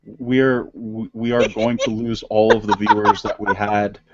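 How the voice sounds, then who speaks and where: A man's voice: lowish voice, flat delivery, a little slow, heavy background noise. A man co-hosting a casual political podcast, talking in rambling sentences with many restarts and fillers. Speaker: podcast co-host. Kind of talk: casual panel chat. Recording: dull lo-fi audio.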